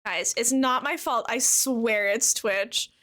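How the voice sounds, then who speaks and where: A woman game streamer chatting casually with viewers while she plays, chatty and quick to giggle. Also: fairly high pitch, a bit bright. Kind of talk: casual live-stream chat while playing.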